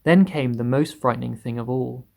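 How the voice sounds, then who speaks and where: A man reading a children's book aloud in steady storytelling, voicing the characters higher. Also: normal speed, vocal fry. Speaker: reader.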